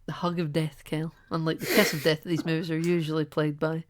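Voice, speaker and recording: A man's voice: on the high side, level tone, fast. A man co-hosting a casual movie-review podcast, chatty and laughing often, acting out characters' lines as he talks. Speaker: podcast co-host.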